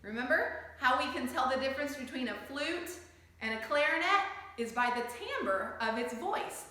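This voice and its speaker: A woman's voice: high-pitched, expressive, normal speed, sharp tone. A woman teaching a children's music lesson, encouraging the class as she sings and chants rhythms along with them. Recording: echoey room.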